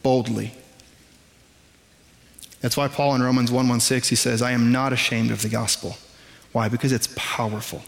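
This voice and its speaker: Man, pastor, casual sermon delivery, self-deprecating asides, mid pitch, long hall reverb. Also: flat delivery, vocal fry. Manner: conversational, self-deprecating preaching with quick asides. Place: church sanctuary.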